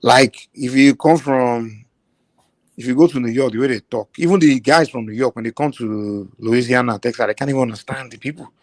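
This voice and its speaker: A Nigerian man in casual chat, offering relaxed, amused commentary. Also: mid-range voice, a little fast.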